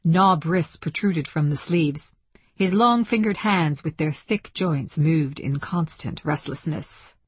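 A woman narrating a novel in an even, descriptive audiobook reading. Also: low-pitched, slow pace, slight background noise.

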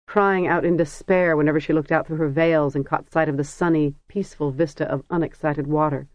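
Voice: mid-range voice, darkish tone, no echo. Narrator with a dull, dry sound. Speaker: audiobook narrator. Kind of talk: scripted narration.

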